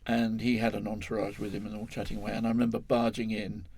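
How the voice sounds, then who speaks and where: A man's voice: lowish voice, level tone, quick pace, creaky, darkish tone, husky. An older man from England, a guest in an interview, telling a long story in a rambling, self-correcting way, chuckling as he goes.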